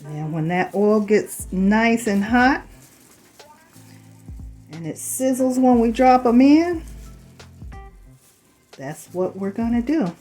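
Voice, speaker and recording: A woman hosting a home cooking demonstration, chatty and unhurried, speaking to viewers as "you guys", a little hoarse from a lingering cough. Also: fairly high pitch, animated, dark tone, faint music behind, poor audio. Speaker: cooking channel host.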